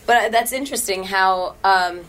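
A woman's voice: mid-range voice, normal speed, a bit bright, slight background noise. A woman hosting a podcast, asking questions in casual talk and laughing easily. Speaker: podcast host.

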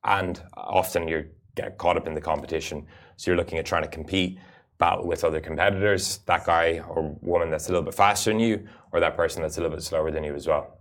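A man's voice: deep voice, fairly even intonation, fast talker, fairly bright tone. A man, a rally racer and guest, giving earnest, explanatory interview answers with frequent "uh" fillers. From Ireland.

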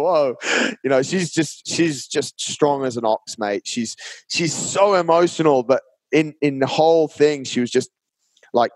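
Male podcast guest, animated conversational storyteller, mid pitch, dry close sound. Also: no room sound. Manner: animated, chatty, often says "mate". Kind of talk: casual storytelling.

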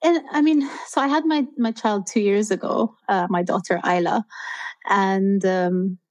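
A woman's voice: medium pitch, steady tone, unhurried. A woman in her thirties, an interview guest, telling a personal story in an earnest, open and reflective way.

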